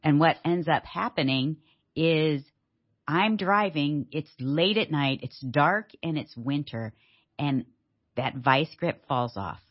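A woman co-hosting a radio talk show, telling stories in a lively, laughing way. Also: sits low, takes it slowly. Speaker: radio co-host. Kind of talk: casual storytelling chat. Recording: dull lo-fi sound.

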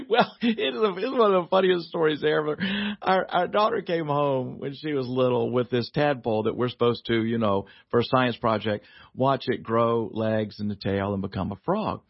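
A man, a guest author on a radio talk show, telling a family story in a lively way, laughing often and acting out the voices. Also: mid-range voice, moderate pace, creaky, no echo, dull audio.

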